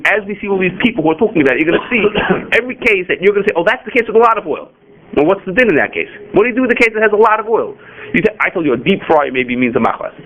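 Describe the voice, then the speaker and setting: A man teaching a class on Jewish law, animated and rhetorical, often asking questions and answering them himself. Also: fairly high pitch, highs cut off. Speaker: Torah teacher. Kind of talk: halacha class.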